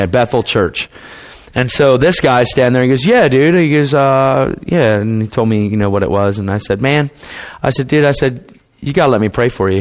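A man preaching a testimony sermon in a casual, conversational way, acting out the people in his stories in dialogue. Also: medium pitch. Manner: acts out quoted people in dialogue.

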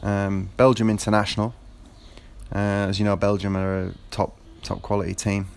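A man's voice: fairly low pitch, little pitch movement, moderate pace, vocal fry. A man talking about his football team in a casual monologue, rambling with many fillers and restarts. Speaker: football fan.

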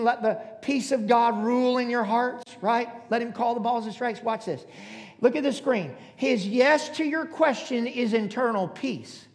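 A man in his forties preaching a sermon to a congregation, emphatic and calling out to them. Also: very high voice. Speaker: pastor. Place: church auditorium. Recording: long hall reverb.

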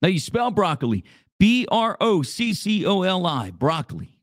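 Lively rambling man radio host. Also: high-pitched, normal speed, no room sound, studio quality. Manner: rambling, jokey, repeats himself. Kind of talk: casual radio chat.

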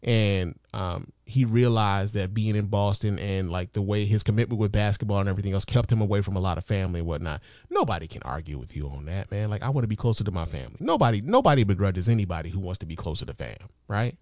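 A man's voice: lowish voice, animated, fast, hardly any pauses, darkish tone, no echo, clean studio sound. A man hosting a podcast, talking through sports commentary in a loose, profane, conversational way with lots of fillers. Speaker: podcast host. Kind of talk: casual commentary monologue.

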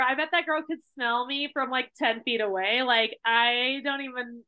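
A woman guest in a casual podcast chat, telling a story in an animated way with many fillers like "like". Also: high-pitched, moderate pace, smooth. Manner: animated storytelling, heavy use of "like".

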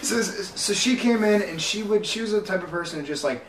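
A man rambling through stories in casual chat, halting with fillers and bursting into laughter. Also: high-pitched, a crowd in the background. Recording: echoey room, mic at a distance.

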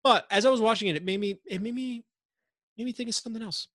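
A podcast host with a high-pitched, slightly bright voice talks fast in a casual chat, joking, rambling and swearing freely. The studio recording is clean, with no room sound.

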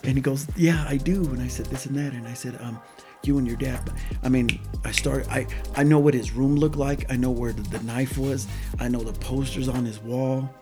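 Man, storytelling, acts out quotes, dips to a hush, music underneath. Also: mid-range voice, fairly quick, few pauses. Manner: animated retelling, quoting dialogue, drops to near-whisper at times. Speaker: guest telling a testimony. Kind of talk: casual storytelling chat.

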